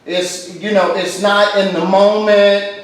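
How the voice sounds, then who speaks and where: A man's voice: high-pitched, little pitch movement, slow pace. Man reading scripture in an echoey church room. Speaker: Bible study participant. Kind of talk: reading scripture aloud and discussing. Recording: echoey room, far from mic, faint noise.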